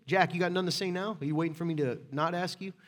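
Brief: male pastor, slightly high voice, chatty sermon, teases listeners, goes from loud to hushed. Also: steady tone, fast talker. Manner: conversational, joking with congregation by name.

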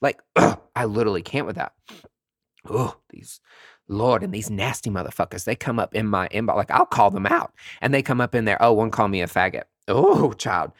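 A man's voice: fairly low pitch, lively intonation, normal speed, dry recording, studio quality. Sassy, swooping male nurse ranting. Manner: sassy, profane, dramatic. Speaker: nurse injector. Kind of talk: ranting commentary to camera.

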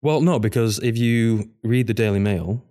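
A man's voice: mid-range voice, normal speed, warm tone. A man from the north of England, chatting on a film podcast, dry and teasing, with hesitant ums. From north of England, Manchester. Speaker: podcast co-host. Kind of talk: casual film-review chat.

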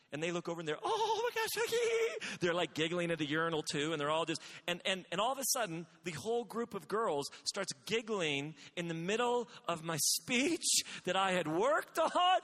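Man preaching, high bright voice, animated storytelling, shouting peaks, long hall reverb. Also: fairly quick. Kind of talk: sermon.

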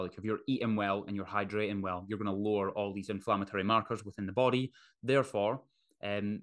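A man's voice: lowish voice, a bit bright. A man hosting a solo podcast, talking bluntly and casually with plenty of swearing. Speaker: podcast host.

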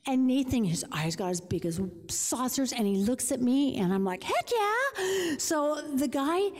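A woman's voice: on the high side, animated, normal speed, a little mellow. A woman giving an informal devotional talk to a room of listeners, telling a story in a chatty way with frequent restarts. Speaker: speaker. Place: large room before an audience. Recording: long reverb of a large hall.

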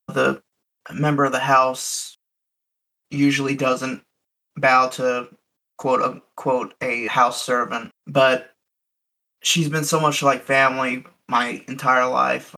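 A man's voice: medium pitch, bright, forceful tone, poor audio. A man playing a tabletop role-play character, describing his character's actions in the first person in an earnest, reflective way. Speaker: player.

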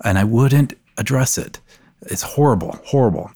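A middle-aged man, a podcast guest, speaking earnestly and reflectively in measured phrases. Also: medium pitch, expressive, mellow. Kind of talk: podcast conversation.

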